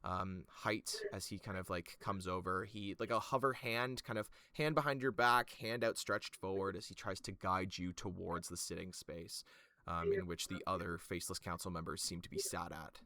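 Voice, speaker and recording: A man's voice: sits low, steady tone, normal speed, sharp tone, no echo. A man narrating as game master in a tabletop game, describing scenes with many fillers.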